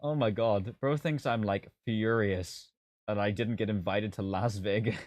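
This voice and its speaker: A man with a fairly low voice talks loosely on a live stream, going through viewer comments. He is exasperated and sarcastic and swears freely. His voice sits close to a desk mic in a dry, dead room. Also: unhurried, a little mellow, dry recording. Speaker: game reviewer and streamer. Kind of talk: casual live-stream chat reading comments.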